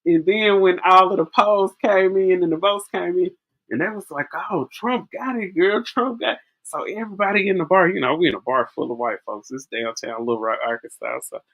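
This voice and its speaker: A woman talks casually about politics. Her delivery is chatty and animated, full of storytelling and laughter. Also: lowish voice, fairly quick, lo-fi sound. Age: early 40s. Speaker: vlogger. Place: outdoors in wind.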